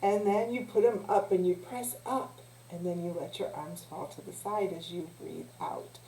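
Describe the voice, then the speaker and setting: Gentle woman teaching kids in an echoey room. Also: on the low side, fairly even intonation, slight background noise. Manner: gentle, encouraging, with pauses and restarts. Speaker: youth teacher. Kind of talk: children's lesson, guided breathing.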